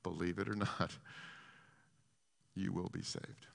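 A man preaching a sermon with passion, swinging from hushed to loud and emphatic, repeating and restarting phrases. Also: deep voice, flat delivery, slow pace, vocal fry, long reverb tail.

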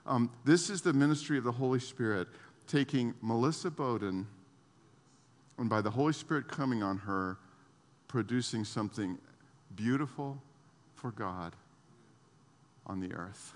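A man preaching a sermon to his church, animated, laughing often and repeating his words. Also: mid-range voice, normal speed, in a large hall. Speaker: pastor.

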